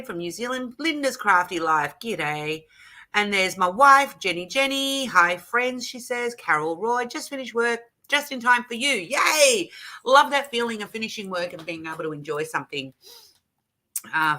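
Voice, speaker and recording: A woman's voice: mid-range voice, pushed and bright. An Australian woman hosting a casual craft livestream from her home craft room, chatting and greeting viewers one by one. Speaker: livestream host.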